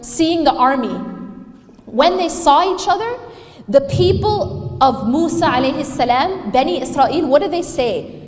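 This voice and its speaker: A woman delivers an emphatic religious lecture with a fairly high voice. She keeps asking her listeners questions and recites Arabic verses. Her voice rings out in a roomy hall with a long echo. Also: darkish tone. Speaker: Islamic lecturer. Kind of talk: religious lecture to a live audience. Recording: echoey hall, live talk.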